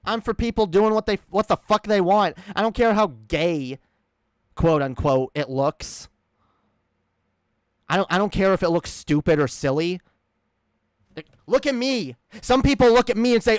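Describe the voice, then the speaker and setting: A man's voice: high voice, moderate pace, long pauses, dry recording, studio quality. A man streaming a reaction, ranting in a heated, profane, rambling way.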